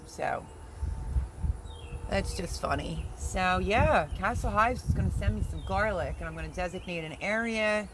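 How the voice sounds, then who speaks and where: A man hosting a casual livestream from his backyard garden, chatting in a rambling way and answering viewer comments. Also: fairly high pitch. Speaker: livestream host, home gardener. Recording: noisy outdoor ambience.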